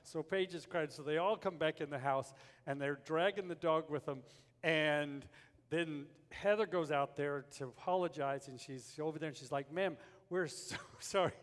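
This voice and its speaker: An older man preaching a sermon, telling a family story and then building up to forceful preaching. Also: fairly high pitch, moderate pace, big-room sound. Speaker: pastor.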